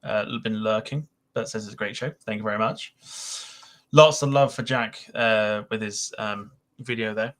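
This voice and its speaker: A man's voice: on the low side, fairly even intonation, normal speed, fairly bright tone. A man hosting a live aviation podcast stream, chatting loosely with lots of fillers while reading out viewer messages. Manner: chatty, rambling with many fillers. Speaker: podcast host.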